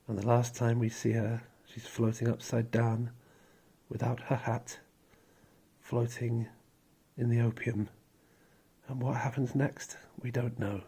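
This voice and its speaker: Gravelly, husky male storyteller. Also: mid-range voice, flat delivery, a little slow, warm tone. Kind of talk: calm storytelling narration.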